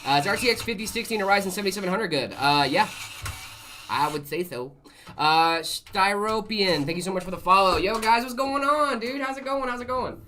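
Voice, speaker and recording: Bright-voiced man chatting about PC tech. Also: sits high, a little fast, slight background noise. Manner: relaxed, friendly, fillers and "brother". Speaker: stream co-host answering chat. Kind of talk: casual live-stream tech chat.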